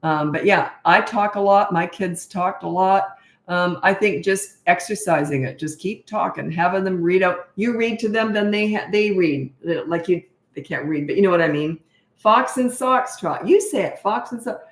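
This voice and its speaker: Middle-aged woman, parenting coach, casual Q&A, lowish voice, frank and rambling, echoey room. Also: normal speed. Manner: chatty and frank, trails off and restarts, rises high when exasperated. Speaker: parenting coach answering viewer questions. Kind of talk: casual Q&A advice talk.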